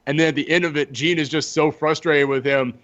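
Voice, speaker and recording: A man co-hosting a comic book podcast, chatting casually and acting out characters in quick voices. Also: a little high, fairly even intonation, a bit bright, muffled recording. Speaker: podcast co-host reviewing comics. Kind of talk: casual chat.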